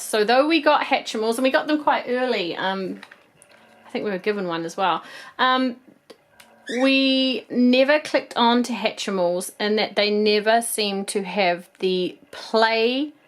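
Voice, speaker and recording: A woman in her thirties with a New Zealand accent, chatting casually and a bit ramblingly as she shows off toy finds. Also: a little high. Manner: chatty, rambling, with frequent ums. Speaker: toy collector vlog host. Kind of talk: casual haul video chat.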